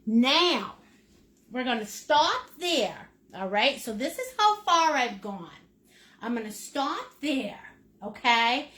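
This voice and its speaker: Woman, painting instructor on a live stream. Jokey and encouraging, unhurried delivery, lively pitch. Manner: playful, joking, reads out viewer comments; encouraging, coaxing step-by-step instructions.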